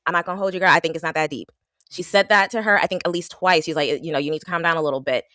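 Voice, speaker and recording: A woman co-hosting a casual reality TV recap, getting worked up and animated, her pitch jumping when she is indignant. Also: rapid-fire, dry recording, studio quality. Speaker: podcast co-host.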